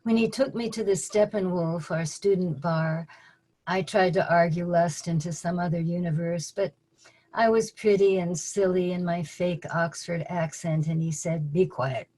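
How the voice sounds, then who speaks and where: An older woman poet reading her own poems at a virtual open mic over a video call, measured and deliberate, with dry asides between pieces. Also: fairly low pitch, steady tone, dark tone, poor audio.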